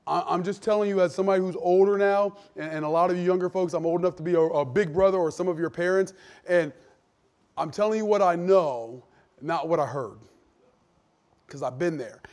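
Pastor, forties, preaching earnest and emphatic, slightly higher voice, folksy restarts. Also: male voice, a little mellow. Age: 40s. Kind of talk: sermon.

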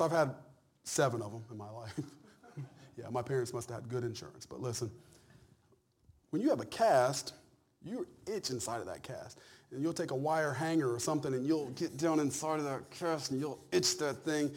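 A man preaching a sermon, swinging between loud, drawn-out cries and hushed whispers. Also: mid-range voice, expressive, slight background noise.

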